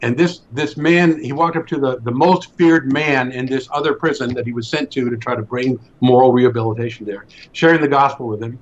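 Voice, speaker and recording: A man's voice: mid-range voice, a little fast, hardly any pauses, slight background noise. Man, mid-range voice, emphatic storyteller, dull lo-fi recording. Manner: emphatic, repeats words as he builds a point. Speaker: speaker in a faith discussion. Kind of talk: earnest storytelling talk.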